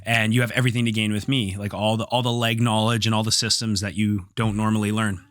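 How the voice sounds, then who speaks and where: Podcast host, male, bright and forceful, animated anecdote style. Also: on the low side, fast talker, no echo, studio quality. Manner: animated, profane, acts out quoted dialogue. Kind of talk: casual storytelling.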